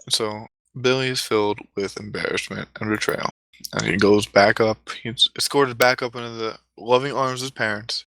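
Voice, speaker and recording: A man's voice: on the low side, steady tone, normal speed, a bit bright, dry recording. A man telling a comic story casually, rambling and swearing often, with frequent restarts. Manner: profane, rambling, self-correcting.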